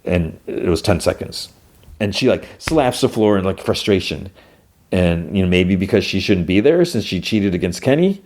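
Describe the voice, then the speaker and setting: Low, mellow-voiced man recapping a show. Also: expressive, normal speed. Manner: retells scenes with loose quoted lines, many "like" fillers. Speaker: podcast host. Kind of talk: casual episode recap.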